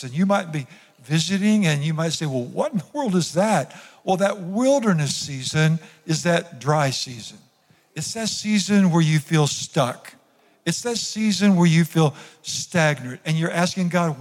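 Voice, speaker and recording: A man's voice: on the high side, animated, a little slow, big-room sound. A man preaching a sermon as pastor to his congregation in church, calling on them to repeat lines after him. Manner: preaching with call-and-response to the congregation. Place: church sanctuary.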